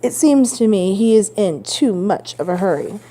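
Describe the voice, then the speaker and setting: A woman's voice: medium pitch, expressive, moderate pace, warm tone, close to an everyday voice. A woman voicing a scheming, jealous man who speaks coolly and dismissively in a storybook reading.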